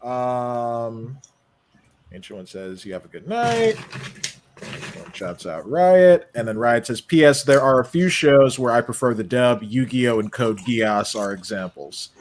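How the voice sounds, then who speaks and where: A man in his twenties chats casually as host of a watch party. He reads viewer comments out loud between his own remarks and laughs easily. His voice sits at an ordinary middle pitch. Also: a little slow, slight background noise. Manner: laughs often, reads chat messages aloud. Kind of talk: casual chat.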